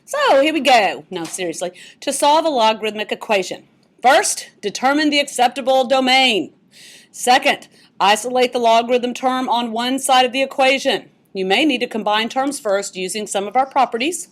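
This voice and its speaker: A woman's voice: a little high, moderate pace. A woman math teacher explaining step by step, with joking asides. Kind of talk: classroom lesson.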